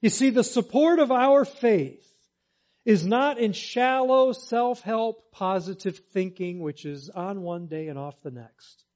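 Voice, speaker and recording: A man's voice: high voice, animated, takes it slowly, darkish tone, lo-fi sound. A man preaching a sermon, repeating key phrases for emphasis and leading the congregation to say them back. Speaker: pastor.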